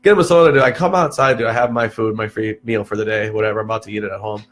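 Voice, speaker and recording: A man's voice: fairly low pitch, racing. A young man from Texas, a podcast guest, telling stories in casual chat, swearing freely and saying "dude" a lot. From Texas, USA. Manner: animated storyteller, swears freely, peppers talk with "dude".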